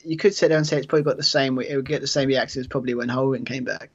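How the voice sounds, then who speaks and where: A man co-hosts a casual game session, teasing his partner in chatty, stumbling banter. His middle-pitched voice comes through a dull, muffled lo-fi mic. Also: fairly even intonation, rapid-fire. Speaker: co-host.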